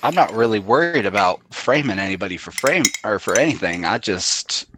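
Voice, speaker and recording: A man's voice: on the low side, expressive, a little fast, noisy background. A man playing a tabletop game, talking in a laid-back, joking way. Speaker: player. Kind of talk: casual tabletop play.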